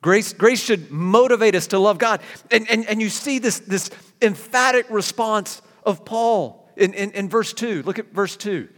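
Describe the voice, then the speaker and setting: A man preaching a sermon as a pastor, animated and given to sudden emphatic bursts. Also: sits high, unhurried, few pauses. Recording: long hall reverb.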